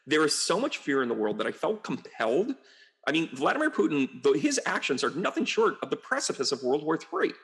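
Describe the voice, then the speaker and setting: A man's voice: a little high, big pitch swings, a little fast, a bit bright. A middle-aged man from the United States, a medium, talking to camera in a rambling, chatty way full of fillers and asides. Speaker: medium and astrologer. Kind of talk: casual to-camera monologue.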